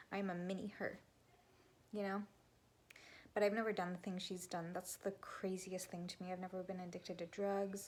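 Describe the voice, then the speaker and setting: A woman's voice: mid-range voice, creaky. A young woman talking bluntly and candidly to camera, swearing freely and sometimes dropping to a whisper. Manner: raw and blunt, swears, drops to a whisper at times. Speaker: vlogger and spiritual coach. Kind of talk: candid confessional talk to camera.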